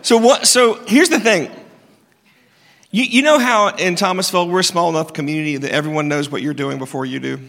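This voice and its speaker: A pastor preaching in a big church hall, his slightly high voice catching into a gravelly fry. He keeps it conversational, teasing the congregation and asking them question after question, and the sound rings with a long hall echo. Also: a little fast, fairly bright tone. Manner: conversational, joking with the congregation, many rhetorical questions. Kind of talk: sermon.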